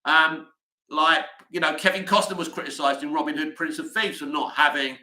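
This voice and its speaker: A man's voice: fairly high pitch, fairly even intonation, normal speed, sharp tone, roomy sound, rough recording. A man hosting a casual livestream, rambling chattily with lots of "you know" fillers as he answers viewer comments. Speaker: livestream host.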